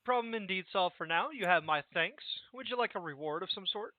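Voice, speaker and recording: A man voicing a proud, gruff ship captain who guards his reputation, speaking stiffly and formally with rough folksy slips. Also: high-pitched, lively intonation, fairly quick. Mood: stern. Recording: tinny, dry voice-call audio.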